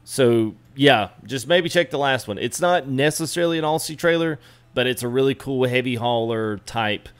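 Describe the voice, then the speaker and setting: A man's voice: mid-range voice, moderate pace, clean tone. A man chatting casually with live viewers while customizing a truck in a game, greeting them by name. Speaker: streamer. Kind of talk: live gameplay stream chat.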